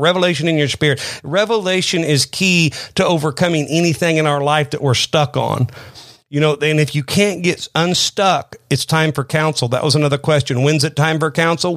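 A man's voice: fairly high pitch, a bit bright, no echo, studio quality. A middle-aged man preaching a sermon, earnest, often repeating words and restarting his sentences. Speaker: pastor. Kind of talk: sermon-style teaching.

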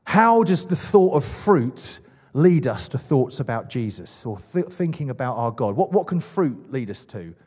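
A man's voice: medium pitch, very animated, measured pace, a little mellow, slightly rough, in a large hall. A man preaching a sermon with enthusiasm, asking the congregation questions. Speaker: pastor.

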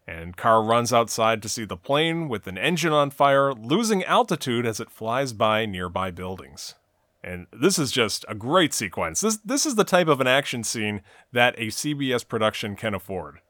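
A man's voice: medium pitch, very animated, moderate pace, sharp tone, no room sound, studio quality. A man co-hosting a casual talk show, recapping a TV episode scene by scene in long run-on sentences. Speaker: podcast co-host recapping a TV episode.

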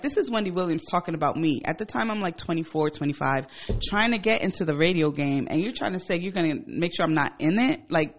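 A woman in her forties, a radio show host, telling a personal story in a casual, animated and profane way. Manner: animated and profane, with emphatic swings in pitch and loudness.

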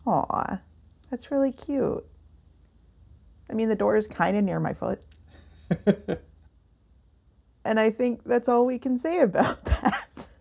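Woman podcaster, kinda high voice, gravelly, keeps giggling. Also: expressive, slow pace, pauses often, darkish tone, muffled recording. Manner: giggly, breaks into laughter often. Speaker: podcast co-host. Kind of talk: casual podcast chat.

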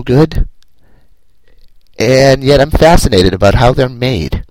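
A man's voice: mid-range voice, lively intonation, takes it slowly, long pauses, darkish tone, dry recording, rough recording. A man in his thirties hosting a solo podcast, rambling and self-deprecating with a wry sense of humor. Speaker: podcast host.

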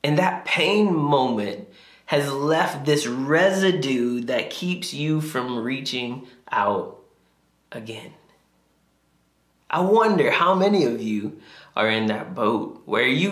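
Pastor guy preaching, mid pitch, real earnest and personal, echoey room. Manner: earnest, confessional, voice rises when reenacting prayers. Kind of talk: sermon.

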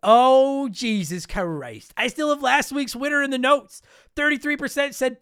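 A man's voice: very high-pitched, moderate pace, sharp tone, no room sound, clean studio sound. A man hosting a gaming podcast, reading listener comments with a profane, sarcastic, laughing manner. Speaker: podcast host.

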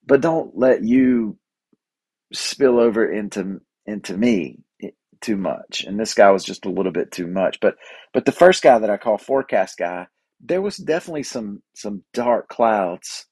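Man, low husky voice, laid-back rambling monologue, dry close recording. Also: expressive, unhurried, a little mellow, dry recording. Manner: rambling, laid-back, chatty with fillers and restarts. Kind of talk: casual storytelling monologue.

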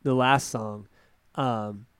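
A man's voice: mid-range voice, fairly even intonation, extremely slow, clean tone, no room sound, clean studio sound. A young man co-hosting a casual album review podcast, laid-back, saying dude and like a lot and laughing easily. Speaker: podcast host.

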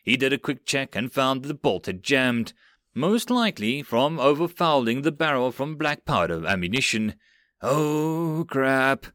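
A man reading a web novel audiobook in an animated narration style. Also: mid-range voice, moderate pace, dry recording, studio quality.

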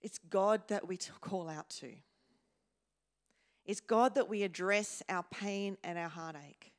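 Slow, measured woman preaching. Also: mid-range voice. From Australia. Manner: slow and measured, with pauses and repeated words. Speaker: pastor. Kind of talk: sermon. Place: church hall.

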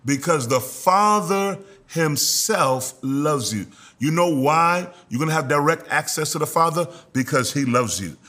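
A man preaching a sermon as pastor, in an animated style with call-and-response to his listeners. He slows down to stress key words and rises into loud exhortation. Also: a little high.

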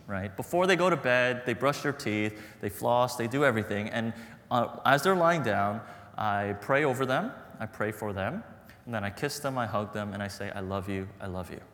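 A man's voice: medium pitch, fairly bright tone, big-room sound. A man preaching a sermon as pastor, earnest and storytelling, repeating phrases for emphasis.

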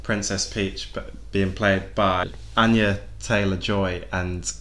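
A man's voice: sits low, flat delivery, slow pace, fairly bright tone. A man hosting a casual chat, often repeating words as he gathers his thoughts.

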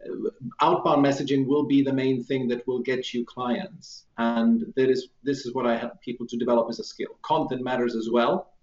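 A man being interviewed as a guest, explaining his sales coaching work in a clear, articulate way. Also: medium pitch, little pitch movement, normal speed, a little mellow. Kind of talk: interview answers. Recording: roomy dull video-call audio.

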